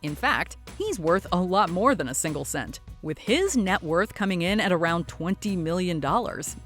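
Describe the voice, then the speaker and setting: A woman's voice: lowish voice, big pitch swings, moderate pace, soft background music. A woman reading a scripted countdown narration in an upbeat voice-over. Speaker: list video narrator.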